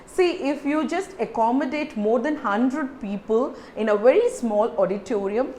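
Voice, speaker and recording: Indian-accented woman teaching pronunciation, animated. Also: fairly high pitch, unhurried, slight background noise. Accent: Indian English. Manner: instructive, repeats words and spells them out. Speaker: English pronunciation trainer. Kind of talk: teaching lesson to camera.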